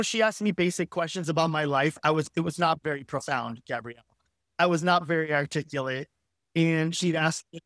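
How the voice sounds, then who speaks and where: A man in his forties tells his story to an interviewer frankly and with energy, swearing casually as he goes. His voice sits fairly high for a man. The sound is dry and close, with no room echo. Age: 40s. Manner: frank, animated, casually profane. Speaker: guest. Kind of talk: candid storytelling in conversation.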